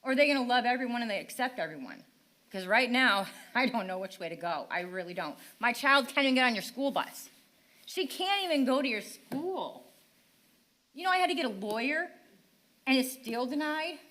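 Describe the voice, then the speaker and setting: A woman's voice: a little high, sing-song, moderate pace, pushed and bright. An older woman speaking at public comment in a town council meeting, frustrated and pleading, her voice at times breaking.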